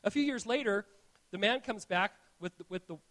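High-voiced man preaching an earnest sermon. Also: animated, moderate pace, fairly bright tone. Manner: earnest, storytelling, frequent restarts. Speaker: pastor. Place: church.

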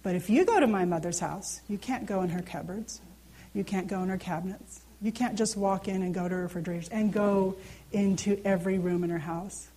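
A woman in her thirties gives an informal Bible teaching into a handheld microphone, her mid-range voice brisk and dark in tone. She speaks earnestly and conversationally, often checking in by asking her listeners questions.

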